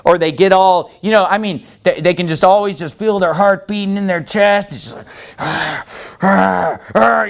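A man's voice: sits high, measured pace, gravelly. A man preaching in a loose, conversational way, rambling with many restarts and folksy asides. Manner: rambling, folksy, heavy with "you know" and restarts. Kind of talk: conversational sermon.

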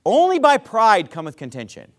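A male pastor preaching a sermon to his congregation, asking rhetorical questions and dropping his voice softly to act out apologies. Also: wildly swooping pitch, normal speed. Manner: drops to a soft low voice to act out apologies.

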